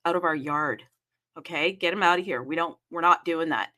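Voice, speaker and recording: A woman's voice: deep voice, brisk, pushed and bright, voice pushed down. A woman voicing a brusque company spokesperson who dismissively shoos users away. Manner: curt, dismissive.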